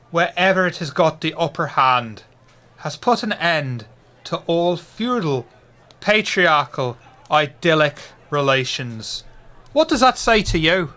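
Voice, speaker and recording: A boisterous, preachy pub regular who loves to lecture his drinking friends. A man plays him, pitching up high and bright. He sounds loud and lively. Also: exaggerated voice. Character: rowdy male Irish communist pub regular.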